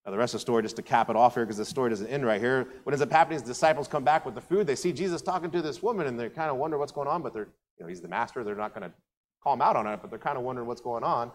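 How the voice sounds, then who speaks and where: A man, a pastor giving a sermon in a relaxed, conversational storytelling way, acting out the voices of the people in the story. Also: medium pitch, racing, long reverb tail.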